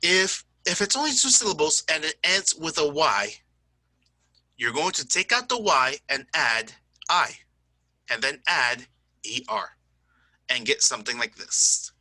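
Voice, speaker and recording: A man's voice: on the high side, sing-song, unhurried, bright, forceful tone, no echo, rough recording. A man teaching an English grammar lesson over a screen recording, explaining step by step, often checking in with "okay?" and owning small slips. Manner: self-correcting, says "my bad".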